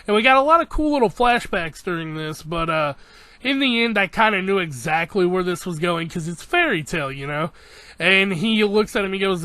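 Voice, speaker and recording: A man giving a casual, excited episode recap as an anime reviewer, swearing freely and acting out scenes. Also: sits high, moderate pace, clean tone, dry recording.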